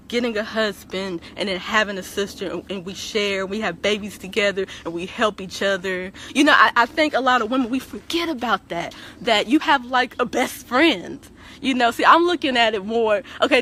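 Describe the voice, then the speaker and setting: A woman's voice: medium pitch, sharp tone, slight background noise. A woman talking casually on a livestream, preachy and emphatic, speaking straight to her viewers and repeating words as she starts sentences. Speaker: guest on a livestream talk show. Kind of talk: casual opinionated livestream talk.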